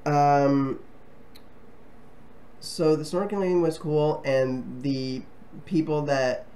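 A man's voice: fairly high pitch, fairly even intonation, very slow, warm tone. A man casually talking to camera as a travel vlogger, friendly and rambling, with frequent ums and restarts. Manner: friendly and chatty.

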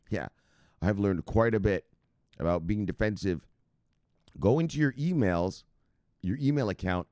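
A man hosting a crypto news stream, talking casually with slang and loud shout-outs, explaining things step by step. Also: on the low side, dry recording, clean studio sound. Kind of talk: casual livestream talk.

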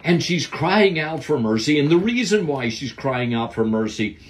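A man's voice: fairly high pitch, very animated, moderate pace. A man giving a devotional Bible lesson, preaching in an earnest, emphatic way. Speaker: Bible teacher.

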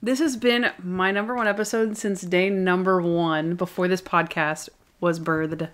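A woman's voice: fairly low pitch, fairly even intonation, measured pace. A woman co-hosting a casual podcast, eagerly retelling a favorite episode scene by scene with lots of "like" and frequent bursts of laughter. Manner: breaks into laughter while recounting. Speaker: podcast co-host.

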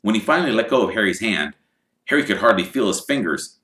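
A man narrating a storybook in an animated, expressive way. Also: lowish voice, fast talker, roomy sound, rough recording. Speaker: audiobook reader. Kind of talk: storybook reading.

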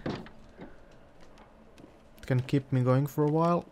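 A man's voice: fairly high pitch, steady tone, drawn-out words, darkish tone, a little hiss or hum. A man casually commenting on his own survival game as he plays, muttering to himself and talking to the game. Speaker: let's play gamer.

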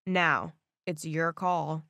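A woman voicing a charming, protective teenage boy in an animated story, speaking calmly and teasingly. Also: low voice, extremely slow, dry recording, studio quality, voice pushed down, exaggerated voice.

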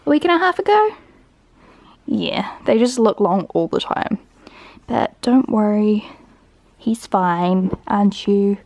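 Chatty young New woman, gravelly. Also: mid-range voice, lively intonation, slow pace, pauses often, a little mellow. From New Zealand. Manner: chatty, lots of "like" fillers, talks to her dog. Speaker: vlogger. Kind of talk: casual daily vlog chat. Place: home, indoors.

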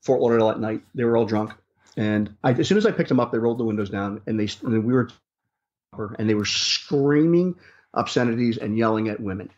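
A rideshare driver tells stories in an interview, rambling with lots of restarts and filler words. His medium-pitched voice is darkish in tone and fairly quick, and the recording sounds dull and lo-fi.

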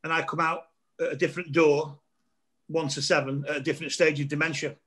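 A man's voice: on the high side, level tone, quick pace, a bit bright, breathy edge. A middle-aged man, a comedian guest telling rambling anecdotes over a video call and laughing often. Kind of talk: casual storytelling chat over a video call.

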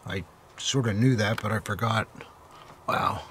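An older man talks through an unboxing in a relaxed, hesitant way, pausing on fillers and letting out amazed asides. Faint noise sits under the recording. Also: on the low side. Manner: hesitant, full of fillers and awed exclamations. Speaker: militaria dealer hosting unboxings. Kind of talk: casual unboxing chat.

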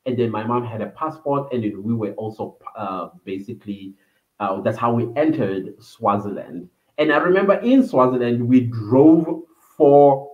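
A man's voice: mid-range voice, moderate pace. A man from Africa, hosting a livestream and telling a personal story in a reminiscing, meandering way with many fillers. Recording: echoey room over a tinny phone-like line.

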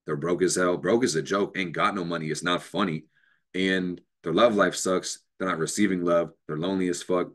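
A man's voice: sits low, steady tone, moderate pace, a bit bright. A man hosting an astrology show, giving an unscripted motivational talk, emphatic and profane, with bursts of laughter.

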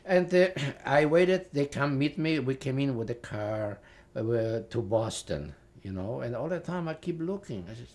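An older man with a Polish accent gives oral history testimony. He talks in a halting, rambling way, repeating words and stopping on fillers, at an ordinary middle pitch. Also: gravelly. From Poland. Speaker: interviewee, Holocaust survivor.

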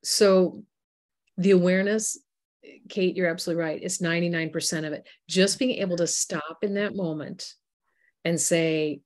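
A woman guest author in an interview, telling animated stories and acting out the voices of the people in them. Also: lowish voice, moderate pace. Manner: animated storytelling, acts out quoted voices. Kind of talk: interview conversation.

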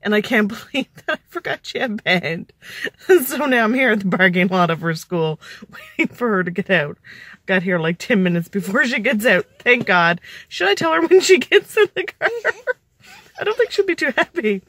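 A woman's voice: mid-range voice, sing-song, normal speed, fairly bright tone, breathy edge, dry recording, clean studio sound. A woman, chatting casually to the camera in a vlog and laughing often. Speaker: vlogger.

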